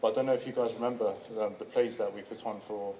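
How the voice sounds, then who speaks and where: A man's voice: fairly low pitch, steady tone, fast, warm tone, slight background noise. A man, a former student, reminiscing hesitantly with many fillers in an anniversary speech. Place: school event hall. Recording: echoey hall, speaker far from mic.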